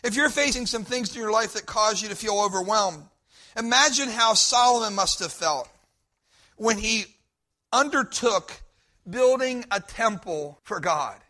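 A man's voice: sits high, animated, a little slow, sharp tone. A man preaching a sermon, a pastor speaking with emphatic, building force and repeating his points.

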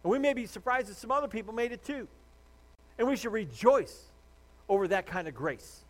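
High-voiced man preaching conversationally. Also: lively intonation, brisk. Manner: conversational preaching with restarts and acted-out dialogue. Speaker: pastor. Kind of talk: sermon.

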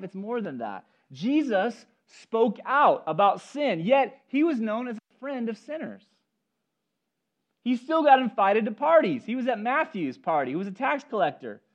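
A pastor with a high-pitched voice delivers a sermon at a church service, weaving in stories and speaking straight to the congregation and the children. The audio has its high frequencies cut off.

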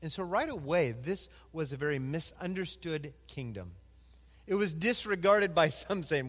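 Animated high-voiced male pastor. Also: a little slow, in a large hall. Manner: animated, acts out quoted voices. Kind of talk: sermon.

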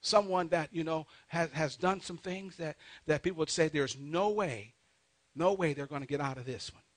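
A man with a high voice preaches a sermon in call-and-response fashion. He asks the congregation to repeat after him and rises loud and slow whenever he reads scripture. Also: no echo. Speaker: pastor.

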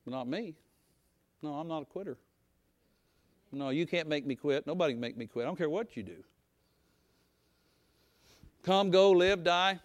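A middle-aged male pastor preaching a sermon in a folksy, conversational way, talking straight to his congregation and sometimes rising to a shout. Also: fairly high pitch, moderate pace, long pauses, dry recording.

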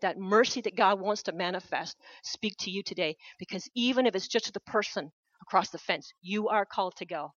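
A woman's voice: mid-range voice, fairly bright tone, no room sound, dull audio. A woman missionary preaching a sermon in a church, making an urgent, earnest appeal with repeated phrases. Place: church hall.

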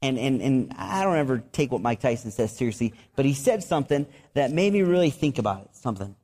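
A man preaching a sermon as a pastor, talking to his church in a conversational way, with restarts and repeated words and bursts of animated storytelling. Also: mid-range voice, quick pace. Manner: animated storytelling with excited outbursts.

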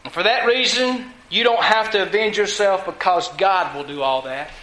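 A man's voice: high-pitched, moderate pace, sharp tone, roomy sound, poor audio. A man preaching a sermon, emphatic, asking his listeners questions and answering them himself. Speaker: pastor.

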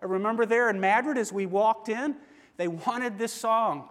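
With a high, light, slightly bright voice, a middle-aged pastor preaches at a moderate pace in a long church hall full of reverberation. His tone is earnest and conversational, and he often addresses questions to those listening.

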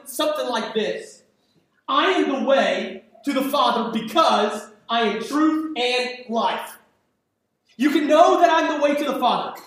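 A pastor with an extremely high-pitched, fairly bright voice preaches a sermon, recorded far from the mic in an echoey hall. His style is conversational and emphatic, with frequent repeats and restarts.

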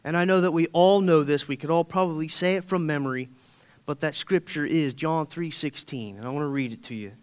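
A man's voice: a little high, a little fast, darkish tone, clean tone. Folksy man preaching a sermon. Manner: folksy, storytelling, often asks okay?.

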